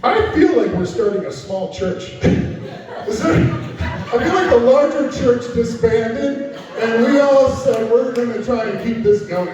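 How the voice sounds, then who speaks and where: A man's voice: very high-pitched, animated, unhurried. Middle-aged man, stand-up crowd work. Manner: self-deprecating, chatty banter with the audience. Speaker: stand-up comedian. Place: comedy night venue with a live audience. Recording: echoey room, distant muffled mic.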